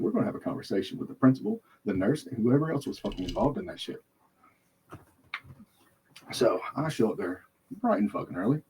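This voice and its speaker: A man's voice: lowish voice, darkish tone, breathy edge. A man hosting a podcast, telling a heated, profane story in casual chat, swearing constantly. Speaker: podcast host.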